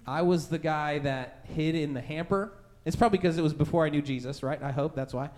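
Man pastor with a high, youthful-sounding voice, preaching casually and acting out his stories with lots of energy. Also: brisk. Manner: animated storytelling, acting out scared voices; conversational, many fillers like "right?" and "like". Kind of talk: sermon with personal story.

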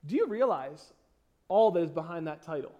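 Reading scripture during his sermon, a male pastor slows and stresses his phrases, moving from loud emphasis to quiet asides. His pitch is fairly high with lively intonation, and the audio is dull.

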